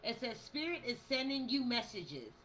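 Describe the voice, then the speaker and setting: A woman's voice: fairly high pitch, very animated, normal speed, fairly bright tone, poor audio. A woman giving a casual monthly tarot reading to her viewers, chatty and direct, calling them y'all and reading the card texts aloud. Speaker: tarot reader and spiritual coach. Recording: faint outdoor yard noise behind.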